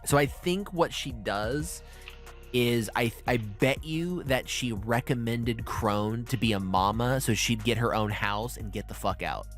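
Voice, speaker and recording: A man hosting a podcast, recapping anime episodes in profane, animated casual chat. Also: medium pitch, measured pace, faint music behind. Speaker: podcast host.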